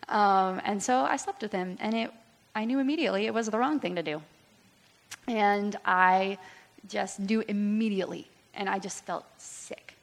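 A young woman in her twenties giving a candid personal testimony in church, talking with many fillers and pauses. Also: medium pitch, vocal fry. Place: church hall. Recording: long hall reverb.

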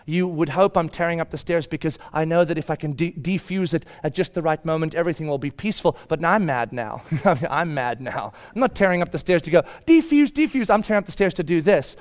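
A middle-aged man preaching a sermon, telling a family story and acting out his own shouting. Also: a little high, fast, hardly any pauses. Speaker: pastor.

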